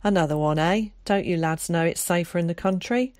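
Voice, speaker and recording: A woman voicing a weary, gruff but kindly middle-aged male ticket man who asks questions. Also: on the low side, a little fast, a little mellow, no echo, clean studio sound, close to an everyday voice.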